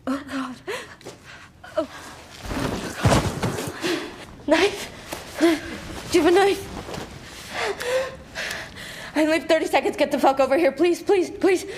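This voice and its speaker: A woman's voice: high-pitched, unhurried, long pauses, noisy background. An actress playing a wounded pregnant woman in a TV drama, gasping and pleading with urgency. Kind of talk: TV drama acting. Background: music.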